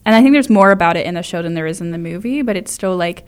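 A woman co-hosting a casual chat about musicals, animated and incredulous. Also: lowish voice, clean tone. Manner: animated, incredulous, quick to laugh. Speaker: podcast co-host.

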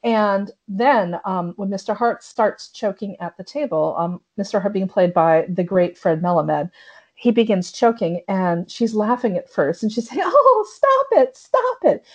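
A woman hosting a casual podcast discussion, animated and acting out quoted lines as she talks. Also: medium pitch, normal speed, dull audio. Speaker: podcast host.

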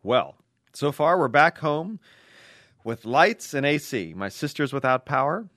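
A man's voice: fairly high pitch, sing-song, a little slow, fairly bright tone, no room sound, studio quality. A man co-hosting a podcast, reading listener letters aloud in a wry, laughing way.

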